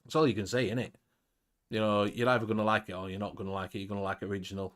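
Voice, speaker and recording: A man's voice: on the low side, flat delivery, rapid-fire, a bit bright. Blunt British man hosting a casual chat. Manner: blunt, swears, laughs often. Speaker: show host.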